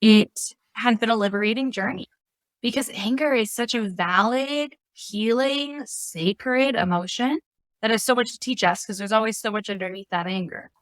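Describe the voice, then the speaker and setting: A woman's voice: on the high side, moderate pace, no room sound. A woman guest on a podcast, a spiritual life coach speaking earnestly and reflectively. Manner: earnest, reflective, softening to quiet. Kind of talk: casual conversation.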